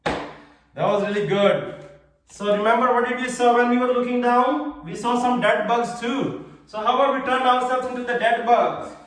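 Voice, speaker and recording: Brief: male kids' yoga teacher, high voice, cheerful simple cues, camera far across a very echoey room. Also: moderate pace, fairly bright tone. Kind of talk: live online yoga class instruction.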